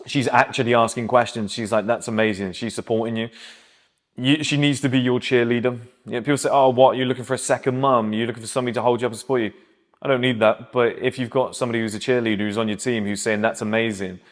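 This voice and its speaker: Give me a man, talking frankly and emphatically about dating, like a casual advice monologue. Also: fairly low pitch. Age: 30s. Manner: blunt, emphatic, conversational.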